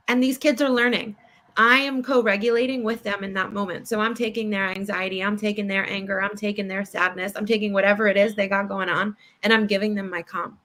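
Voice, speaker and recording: Bright-voiced young woman therapist. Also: fairly high pitch, fairly quick. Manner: animated, acts out kids' voices with laughs. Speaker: child therapist, guest. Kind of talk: casual interview talk.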